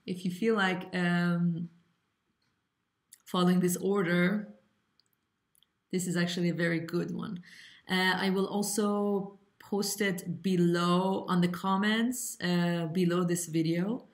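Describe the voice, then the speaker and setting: A woman teaching an online rhythm lesson, chanting rhythm syllables and explaining in a relaxed, halting way. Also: lowish voice. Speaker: vocal workshop teacher. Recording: echoey room with loud background noise.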